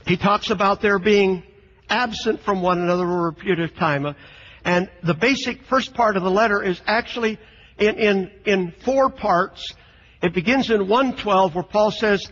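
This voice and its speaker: A man lecturing on scripture in an unscripted, halting style, often repeating words as he thinks. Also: sits high, a bit bright, big-room sound, lo-fi sound. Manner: halting, repeats words, reads quotes with emphasis. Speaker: lecturer on the New Testament.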